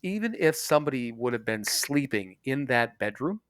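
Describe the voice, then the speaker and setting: A man's voice: medium pitch, big pitch swings, normal speed, a bit bright, dry recording, clean studio sound. A man co-hosting a podcast, telling a rambling story in casual chat, swearing and laughing as he goes. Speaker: podcast co-host.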